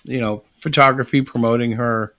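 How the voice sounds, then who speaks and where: Casting note: male podcast host, mid-pitched, chatty and reflective, quick to laugh. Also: fairly even intonation, fairly bright tone. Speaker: podcast host and comic creator. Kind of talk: casual podcast chat.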